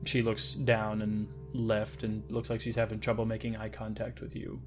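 A man's voice: fairly low pitch, completely flat delivery, moderate pace, faint music behind. Man narrating as game master. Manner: plain, descriptive narration.

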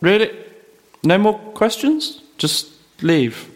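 A man's voice: sits high, big pitch swings, slow, full character voice. A man playing a meek, polite butler in a comedy sketch, hesitant and apologetic. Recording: long echoey reverb.

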